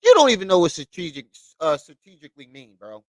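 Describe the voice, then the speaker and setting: A man's voice: sits high, wildly swooping pitch, fast talker, no room sound, rough recording. Mocking man ranting at a clip. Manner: mocking, scolding, repeats himself. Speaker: commentary host reacting to clips. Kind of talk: heated reaction commentary.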